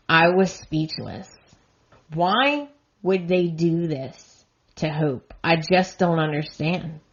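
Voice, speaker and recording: Slow, low-voiced woman podcast host. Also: dull audio. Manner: earnest, emotionally invested, indignant. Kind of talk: emotional recap monologue.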